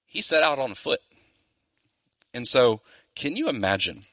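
Male pastor preaching, earnest and emphatic, crisp bright voice, no room echo. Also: mid-range voice. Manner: earnest and emphatic, slowing on key phrases. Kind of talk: sermon. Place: Louisiana church.

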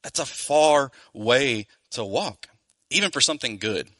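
A man preaching a sermon in a church, earnest and emphatic, slowing down to stress key phrases. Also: mid-range voice, expressive, fairly bright tone, dry recording. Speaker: pastor. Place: Louisiana church.

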